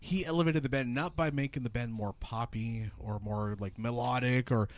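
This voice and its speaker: A man hosting a podcast in casual chat, animated and swearing freely as he acts out his reactions. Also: medium pitch, moderate pace. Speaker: podcast host.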